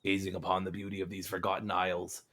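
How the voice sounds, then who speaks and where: A man in a put-on pirate accent voicing a solemn old-time pirate captain as he reads journal entries aloud in a low, formal way. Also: monotone, fairly bright tone. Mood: grave. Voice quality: low, measured and grandly formal.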